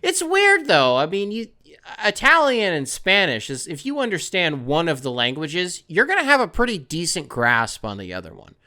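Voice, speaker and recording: A young man from the United States hosts a podcast, rambling through a casual, profane monologue. His pitch swings widely, and his tone is bright. He sounds conversational throughout. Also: huge pitch swings, normal speed. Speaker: podcast host.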